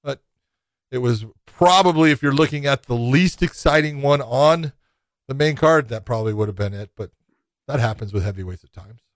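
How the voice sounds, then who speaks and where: A man's voice: medium pitch, normal speed, no room sound. A man co-hosting a casual fight talk, easygoing and leaning on "you know" as he goes. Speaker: co-host. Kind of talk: casual fight breakdown chat.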